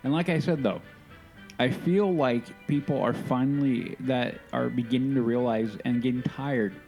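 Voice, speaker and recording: A man's voice: mid-range voice, normal speed, a little mellow, faint music behind, poor audio. A man co-hosting a podcast in casual chat, emphatic, repeating himself for stress. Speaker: podcast co-host.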